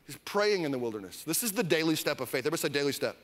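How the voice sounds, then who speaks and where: Animated high-voiced male pastor preaching. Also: rapid-fire. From Iowa. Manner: animated, with mock whiny voices and calls for the crowd to repeat. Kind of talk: sermon. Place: church service.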